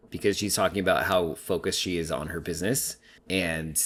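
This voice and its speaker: A man's voice: low-pitched, fairly even intonation, fairly quick, a bit bright, slight background noise. A man giving casual, opinionated commentary while recapping a reality TV episode. He thinks aloud, fills his talk with "like" and laughs easily between remarks.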